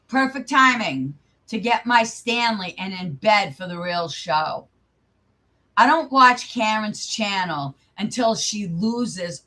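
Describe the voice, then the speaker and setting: A woman's voice: medium pitch, bright, forceful tone. A young woman hosting her channel, casually commenting live in an angry, profane, rambling way. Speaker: channel host.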